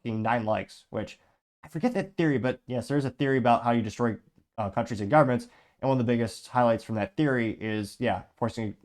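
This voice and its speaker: Fueled by lots of coffee, an over-caffeinated man hosting his own political commentary show rattles off viewer comments bluntly and sarcastically at a rapid clip. His voice is medium-pitched with a darkish tone.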